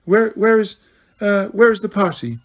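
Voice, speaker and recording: A man's voice: sits high, big pitch swings, moderate pace, pitched above the performer's own voice. Luna: a man doing a dreamy odd teen witch. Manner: matter-of-fact, dreamy.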